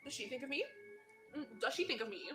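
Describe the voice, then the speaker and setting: A woman's voice: sits high, lively intonation, quick pace, over music. A woman voicing a whiny young woman who pesters a psychic, with a petulant, indignant manner. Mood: sulky.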